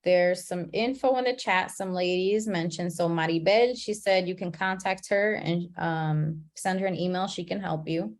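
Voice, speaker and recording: A woman leading an online class on a video call, talking in a relaxed, chatty way and laughing at her own slips. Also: on the low side, moderate pace, hardly any pauses. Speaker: class facilitator.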